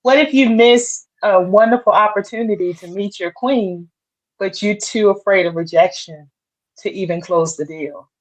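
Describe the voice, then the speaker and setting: A woman guest in a casual group discussion, giving her view in a calm, matter-of-fact way. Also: medium pitch, normal speed, poor audio. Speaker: panel guest.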